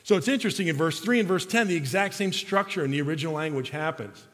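A man preaching a sermon as pastor, swinging between loud emphatic lines and soft, slow, hushed passages. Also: a little high, expressive, big-room sound.

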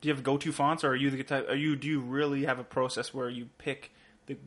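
A man's voice: mid-range voice, level tone, fast talker, fairly bright tone. A man hosting a podcast in casual chat, curious and joking, asking many questions. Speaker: podcast host.

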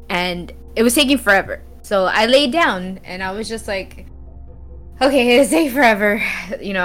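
A woman co-hosting a gaming talk stream, telling stories in an animated casual way and laughing often. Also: mid-range voice. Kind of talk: casual chat, storytelling.

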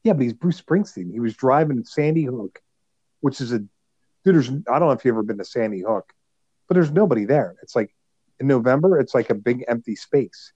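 Easygoing man with a mellow, muffled voice. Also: medium pitch, expressive, fairly quick, slightly rough, no room sound. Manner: easygoing storyteller, says "dude". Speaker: podcast co-host. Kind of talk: casual chat.

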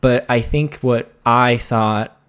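A man's voice: mid-range voice, steady tone, slow pace, fairly bright tone, clean tone. A young man hosting a casual solo music podcast from his apartment, rambling and laughing with lots of fillers. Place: home apartment room.

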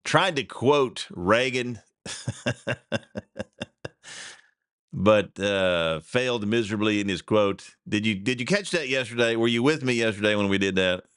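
A man's voice: on the low side, a little slow, long pauses, a bit bright, smooth, no echo, studio quality. A man hosting a casual solo news commentary show, rambling, repeating himself and chuckling along. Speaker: podcast host.

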